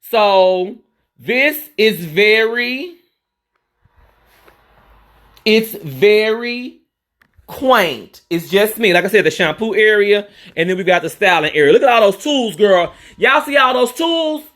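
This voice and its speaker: This man in his 40s, a salon owner and stylist, talks animatedly but slowly, bantering sassily with viewers he addresses as girl and honey. His voice is high and bright, and the casual live salon tour is recorded with the roomy echo of a small hair salon.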